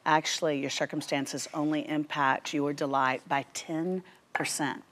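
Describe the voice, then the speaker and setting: A woman in her fifties with a Southern US accent, a guest author telling stories on a faith talk show in an animated way. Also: low voice, a little slow. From Tennessee. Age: 50s. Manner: animated storyteller who quotes voices. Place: TV studio.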